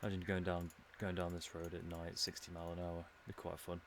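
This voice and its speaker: A man's voice: low-pitched, monotone, fast talker, slight background noise. An English man streaming a game, musing and rambling in a casual commentary with dry humour. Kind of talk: casual commentary while playing.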